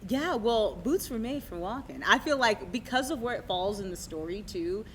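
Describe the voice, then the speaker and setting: A woman's voice: medium pitch, expressive, normal speed, fairly bright tone, slight background noise. A woman, a stage actor, reflecting on a scene in a casual, chatty talkback.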